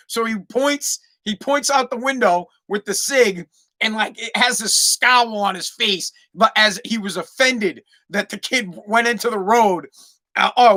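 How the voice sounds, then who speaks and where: A man, hosting a podcast and telling a profane, animated story with many restarts. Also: high-pitched. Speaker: podcast host. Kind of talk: casual storytelling monologue.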